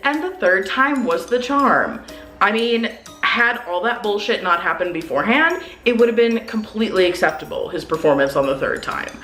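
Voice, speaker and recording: A young woman vlogger telling a dating story to camera in a blunt, profane, animated way. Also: a little high. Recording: roomy echo, faint music.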